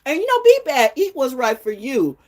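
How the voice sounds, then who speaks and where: A woman in her sixties ranting bluntly and profanely in an unscripted vlog, jumping from low mutters to high outbursts and loud laughs. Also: big pitch swings, moderate pace. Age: 60s. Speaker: vlogger. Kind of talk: unscripted rant to camera.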